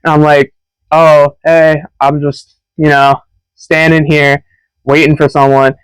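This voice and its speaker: Young man, podcast co-host, animated storyteller, fairly high voice, dry close sound. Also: takes it slowly, clean tone, dry recording, low-quality recording. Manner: animated storyteller who acts out quoted voices. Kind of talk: casual storytelling chat.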